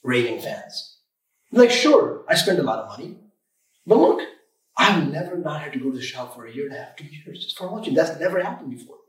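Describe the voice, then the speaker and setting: A man who owns an auto repair shop, talking in an energetic, emphatic way on a podcast and often repeating words. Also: fairly high pitch, brisk, echoey room, recorded from a distance, rough recording. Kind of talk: casual podcast chat. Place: room, recording a podcast.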